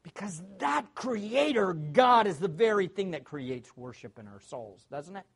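A man preaching a sermon, swinging from hushed asides to shouted praise. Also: sits high, very animated, unhurried. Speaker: pastor.

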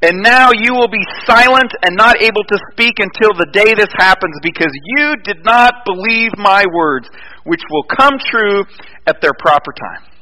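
Guy putting on a stern booming angel, slow solemn words, bright edge. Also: expressive, a little hiss or hum, heavily acted, rough recording. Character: angel Gabriel, stern male messenger.

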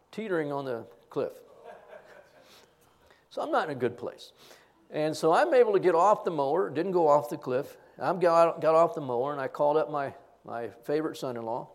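An older male pastor delivering a sermon with a rough, gravelly edge to his voice. His pitch sits a little high and moves a lot, rising on rhetorical questions and dropping low for asides. He mixes teaching with dry, self-deprecating humor.

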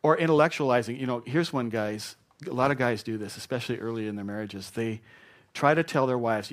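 A middle-aged male pastor preaching a sermon. He acts out quoted apologies and excuses with lively shifts of voice. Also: mid-range voice, brisk.

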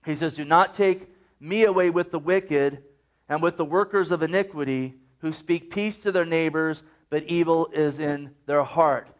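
A man's voice: a little high, moderate pace. A man preaching a sermon, earnest and urging, often quoting scripture.

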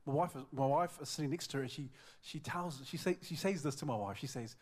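A middle-aged man from New Zealand preaching a sermon with passion, swinging from loud exclamations to quiet, intimate asides. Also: a little high, animated, quick pace, few pauses. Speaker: pastor.

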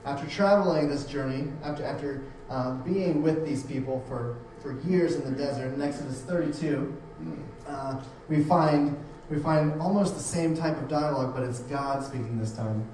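A man preaching from across a very echoey room, his voice mellow and set back from the mic. He talks in a loose, conversational way, doubling up words as he goes. A faint hum sits under it. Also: on the high side, normal speed, distant mic. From United States. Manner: conversational, repeats words and restarts often. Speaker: pastor. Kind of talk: sermon.

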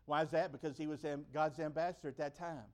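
A man's voice: on the high side, steady tone, quick pace, a little mellow. A man from the United States preaching a sermon, emphatic and repeating his key phrases for weight.

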